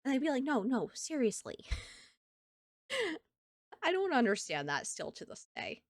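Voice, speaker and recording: Chatty streamer woman with a lively voice. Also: sits high, brisk, no room sound, studio quality. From United States. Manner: chatty and animated, laughs often between thoughts. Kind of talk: casual stream chat.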